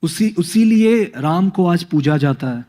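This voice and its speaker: A man playing a cheeky young son who quizzes his father in a rapid, excited rush. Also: sits high, voice pushed up. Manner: rapid, excited, talking fast.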